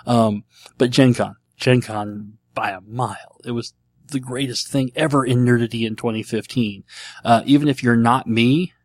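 A man's voice: medium pitch, steady tone, moderate pace, no echo. A middle-aged man hosting a casual solo show, rambling and self-deprecating, with a dry throat. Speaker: podcast host answering listener questions.

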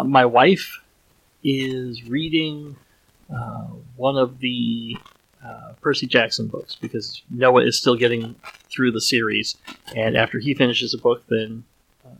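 A man's voice: medium pitch, creaky, a bit bright, breathy edge, poor audio. A man hosting a solo podcast, thinking aloud in a casual, rambling way with frequent restarts and trailing sentences.

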